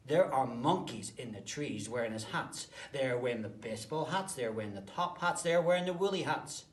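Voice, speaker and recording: A man, a teacher, telling a story to children, swinging between whispered asides and sudden loud bursts. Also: mid-range voice, expressive, normal speed, few pauses. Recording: roomy, distant mic, faint background noise.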